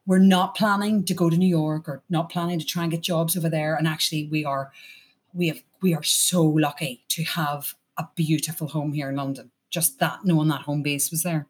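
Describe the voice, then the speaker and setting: Husky low-voiced Irish woman. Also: steady tone, moderate pace. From Ireland. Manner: rambling, full of restarts and fillers. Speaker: stage actor guest. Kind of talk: casual chat.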